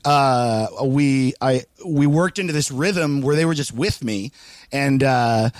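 A man's voice: medium pitch, slow, dry recording. A man from Los Angeles, a comedian, telling a story in casual chat, often laughing and swearing freely as he animatedly recounts it.

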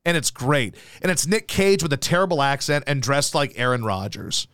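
A man's voice: medium pitch, animated, moderate pace, fairly bright tone, clean tone, no room sound, clean studio sound. A man hosting a talk show, telling rambling, profane stories in casual chat. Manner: profane, rambling storytelling full of fillers. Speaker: show host.

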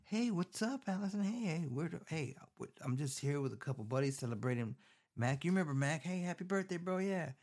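A man putting on the high, brash voice of a pushy young man. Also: expressive, a little fast, a little mellow. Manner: brash, overly friendly.

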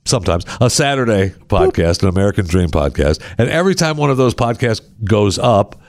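A man's voice: on the low side, very animated, fairly quick, darkish tone, dry recording. A man hosting a talk podcast, rambling and sarcastic as he banters with his co-host. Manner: sarcastic, rambling, mock-pleading. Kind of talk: casual talk show banter.

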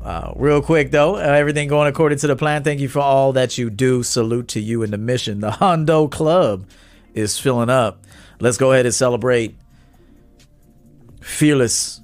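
Blunt swaggering man coaching a livestream. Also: mid-range voice. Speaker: dating coach. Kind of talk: livestream talk to viewers.

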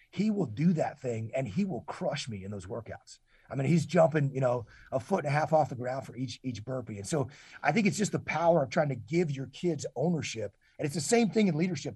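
A husky man in his forties talks earnestly as an interview guest, his voice sitting a little high. He often restarts and repeats words mid-thought. The sound is dry and close. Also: mellow, no echo. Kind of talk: casual interview talk.

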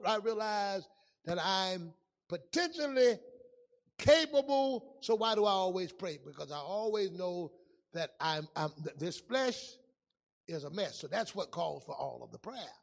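A male pastor preaching a sermon in a church, telling stories and swinging from loud calls to hushed asides. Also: high-pitched, lively intonation, normal speed, gravelly, big-room sound. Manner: storytelling preacher, swings from loud to hushed, folksy Southern-style grammar.

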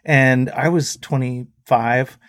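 On a talk show, a male musician guest shares stories casually, quoting the people in his anecdotes with animated voices. He speaks slowly in a medium pitch. The sound is clean studio audio with no echo.

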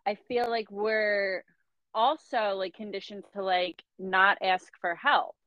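A woman's voice: medium pitch, fairly even intonation, slow, no echo. A woman hosts a casual podcast, chatty and supportive, her talk full of little fillers. The sound is dry and close, with a slightly dull, lo-fi tone. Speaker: podcast host, doula.

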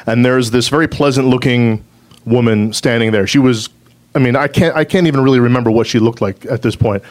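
A man tells a true personal story, hesitating often with ums and uhs. He sounds self-amused as he talks. His voice sits at a medium pitch. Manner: halting, filler-heavy, self-amused.

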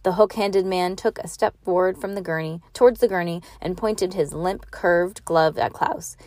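A woman's voice: lowish voice, normal speed, a little mellow, no echo. A woman reading a novel aloud to her child in a casual, homey way, now and then stumbling over a word and starting the line again. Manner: casual, stumbles and restarts, laughs and comments between passages.

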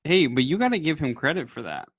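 Animated male co-host, slightly high, muffled lo-fi sound, dry. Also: quick pace, slightly rough, no echo. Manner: animated rants with quoted voices. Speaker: podcast co-host. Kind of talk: casual chat.

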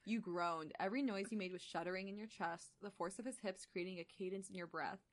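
A woman's voice: mid-range voice, fairly even intonation, fast. A woman co-hosting a comedy podcast, reading explicit fan fiction aloud, often breaking into laughter and chatty asides. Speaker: podcast co-host.

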